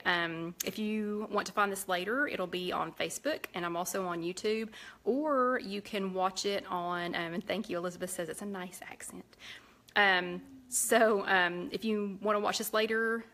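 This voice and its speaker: A woman's voice: mid-range voice, a bit bright. A woman with a Southern US accent talks her way through a live cooking stream. Her chatter is loose and rambling as she cooks and plates food. She sounds like she is in a home kitchen. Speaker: cooking show host. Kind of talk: casual live-stream chat.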